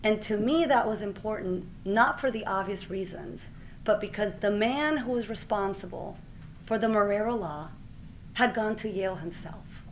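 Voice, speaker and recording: This award speech comes from a doctor, a Puerto Rican woman in her forties, recounting something personal at a moderate pace in a mid-range voice. A little hiss or hum sits under the recording. She tells it vividly, playing out the dialogue as she goes.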